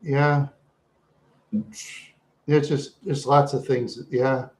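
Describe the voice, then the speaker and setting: A livestream host speaks very slowly in a medium-pitched, darkish voice with little pitch movement. His chat with viewers is loose and rambling, with lots of repetition, laughter, and "yeah."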